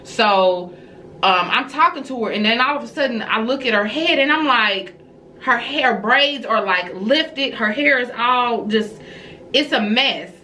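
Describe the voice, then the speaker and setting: A woman's voice: measured pace, slight background noise, low-quality recording. A woman telling a story from her family life in a casual story-time vlog, talking straight to her viewers. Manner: animated storyteller, jumping high when retelling her reactions; casual and conversational, addresses viewers directly.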